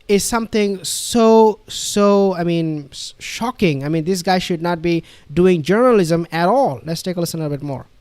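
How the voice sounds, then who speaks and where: Guy with a pretty high voice ranting over a clip, lots of uh and i mean, super dry close sound. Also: darkish tone, dry recording. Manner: emphatic, repetitive, with many fillers and restarts. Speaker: online commentator. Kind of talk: reaction commentary on a played clip.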